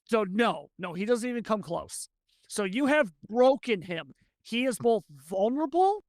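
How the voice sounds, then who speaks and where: Game master, gravelly, dry close mic, rambling narration, tabletop game. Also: medium pitch, big pitch swings, darkish tone, no room sound. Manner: rambling, quick, many restarts.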